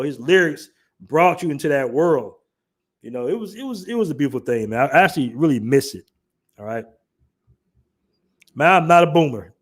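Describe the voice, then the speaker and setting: A man in his forties hosting a livestream, talking casually in slang and joking with his chat. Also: fairly high pitch. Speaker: livestream host.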